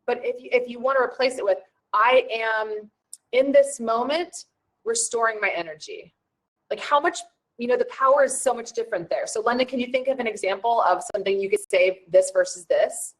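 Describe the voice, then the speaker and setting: A woman wellness coach hosting an online challenge, talking in a chatty, rambling and animated way with many fillers. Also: on the high side, fast, low-quality recording. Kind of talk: casual chat.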